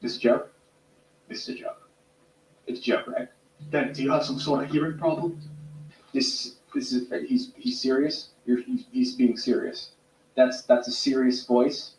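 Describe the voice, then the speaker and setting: A man's voice: medium pitch, steady tone, measured pace, pauses often, darkish tone, slight background noise, lightly acted. An actor playing an exasperated, sarcastic man who has completely run out of patience, heard as distant, roomy clip audio.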